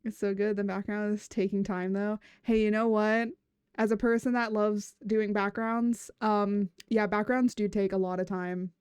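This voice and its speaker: A woman's voice: mid-range voice, flat delivery, moderate pace, darkish tone, smooth, no room sound. A woman streaming as a VTuber, chatting casually, giggling and rambling as she restarts her words. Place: room at home.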